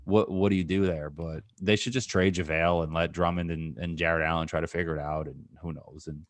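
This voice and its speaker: A man's voice: sits low, fairly even intonation, a little fast, no room sound. A man co-hosting a podcast in casual sports chat, rambling with frequent laughs and restarts. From New York area. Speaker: podcast co-host.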